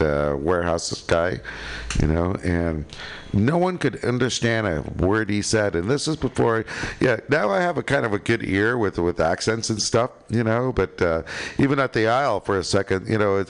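A middle-aged American man from California with a fairly low voice. He chats loosely and rambles, filling his sentences with "you know" and "uh". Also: smooth. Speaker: radio show co-host. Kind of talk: casual chat.

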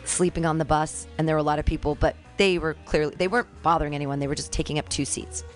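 Female co-host, low-ish register, animated anecdotal storyteller, casual radio chat. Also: fast, soft background music. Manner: animated storyteller who acts out the people she quotes.

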